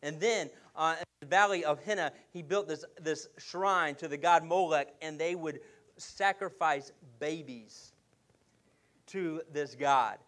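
A male pastor preaches with a fairly high voice and a lively storytelling manner. He jokes with his congregation and acts out the characters as he goes. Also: a little slow. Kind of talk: sermon.

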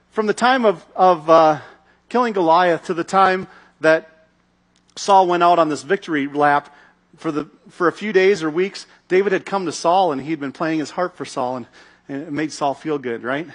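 A man's voice: a little high, a little slow, long pauses, fairly bright tone. A man giving a sermon as pastor, telling a story animatedly and acting out its scenes.

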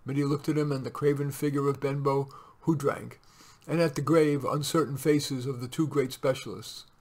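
Male reader, mid pitch, steady measured story narration. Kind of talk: reading a short story aloud.

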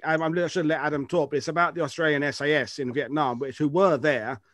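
A man's voice: on the high side, steady tone, quick pace, fairly bright tone, no echo, studio quality. A man hosting a casual panel chat over a video call, chatty and steering the talk. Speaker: host.

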